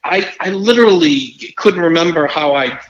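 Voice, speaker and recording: A man co-hosting a podcast, asking curious, halting questions. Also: on the high side, animated. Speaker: podcast co-host. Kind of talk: casual podcast chat. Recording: echoey, slightly dull room sound.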